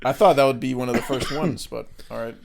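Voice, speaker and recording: A man's voice: medium pitch, steady tone, quick pace, gravelly. A young man co-hosting a podcast, trading movie trivia with a friend, joking, laughing often and muttering asides. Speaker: podcast co-host. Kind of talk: casual banter, movie trivia game.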